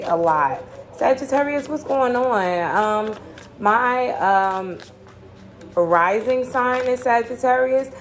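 A woman's voice: on the high side, slight background noise. A woman giving a casual tarot reading, talking bluntly and chattily with plenty of swearing. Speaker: tarot reader.

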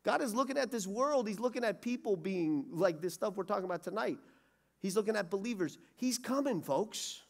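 A middle-aged man preaching a sermon, swinging from loud urgency to hushed pleading. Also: high-pitched, animated, brisk, gravelly. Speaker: pastor. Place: church sanctuary.

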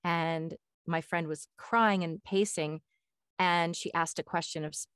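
A woman's voice: on the low side, unhurried, clean tone, no room sound, studio quality. A woman hosting a podcast interview, telling stories with enthusiasm. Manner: enthusiastic, animated storytelling. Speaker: podcast host. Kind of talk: casual interview chat.

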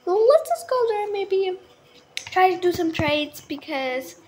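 A woman chatting casually at home as she plays a game, excitable, with hushed whispered asides. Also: extremely high pitch, slow, noisy background. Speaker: gaming video creator. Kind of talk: casual gameplay commentary.

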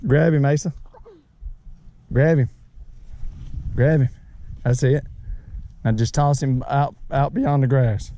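A man, talking excitedly outdoors on a lake as he coaches and teases his sons while fishing, recorded on a chest-mounted camera. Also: medium pitch, slow pace, pauses often. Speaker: fishing vlogger and father. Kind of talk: casual outdoor fishing vlog. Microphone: chest-mounted action camera.

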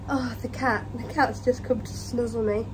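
Breathless British woman vlogging at home. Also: fairly high pitch. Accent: British English. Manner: chatty, talks to pets in baby voice. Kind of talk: casual home vlog chat. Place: home kitchen. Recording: noisy home recording. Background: washing machine and tumble dryer running.

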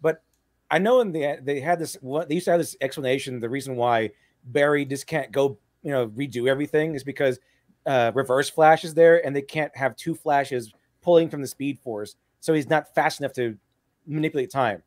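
A man on a panel show thinking aloud, halting and restarting as he asks about story rules. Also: mid-range voice, no echo, clean studio sound. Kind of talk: casual panel chat.

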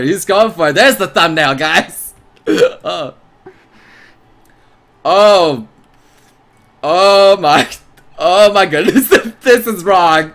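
A man streaming a visual novel, reading its narration aloud and reacting in an excitable, jokey way. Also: high-pitched. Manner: excitable, jokey, breaks into laughter.

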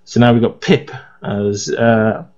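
A man's voice: on the low side, fairly even intonation, slow, darkish tone, muffled recording. A groggy, worn-out English man chatting and rambling through casual gameplay commentary as a let's play host.

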